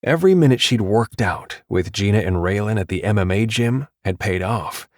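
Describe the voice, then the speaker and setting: A man narrating an audiobook in a steady, measured read. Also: fairly low pitch, dry recording, clean studio sound.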